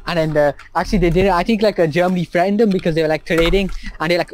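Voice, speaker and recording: A man's voice: sits high, quick pace, darkish tone, a little hiss or hum, rough recording. A young man in casual podcast banter, brash and profane, stumbling over his words. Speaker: podcast co-host.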